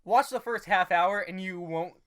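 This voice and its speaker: A man's voice: sits high, moderate pace, fairly bright tone. A young man co-hosting a podcast in casual chat, loose and joking, with lots of fillers and the odd swear. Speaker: podcast co-host.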